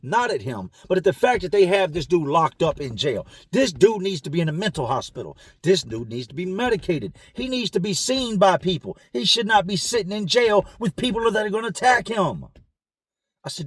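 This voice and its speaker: A man telling a personal story in a casual, animated vlog style, recorded in his car. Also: sits high, normal speed, breathy edge, no room sound. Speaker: vlogger.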